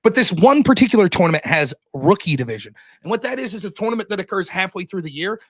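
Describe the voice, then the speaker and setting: A man in casual podcast chat, telling stories in an animated, profane way into a close mic. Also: high-pitched, quick pace. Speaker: podcast host and debater.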